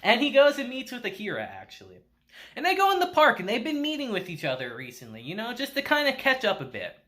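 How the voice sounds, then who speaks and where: A man recapping an anime episode in a loose, chatty way. His voice is bright and very animated, swinging up and down as he laughs along. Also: very high-pitched, fast talker. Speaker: anime reviewer. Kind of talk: casual recap review.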